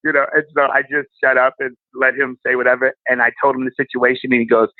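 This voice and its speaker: A man's voice: medium pitch, no echo. Give me a man telling candid stories as a podcast guest, with a middle voice on a tinny phone line. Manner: candid and animated, with quick laughs. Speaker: guest comedian. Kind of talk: casual storytelling.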